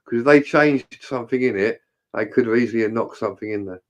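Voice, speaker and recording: A man chatting on a livestream, rambling through home-repair advice with plenty of swearing. His voice sits at an ordinary middle pitch. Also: fast, lo-fi sound. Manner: swears freely, jokey and rambling. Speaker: livestream co-host. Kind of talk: casual chat.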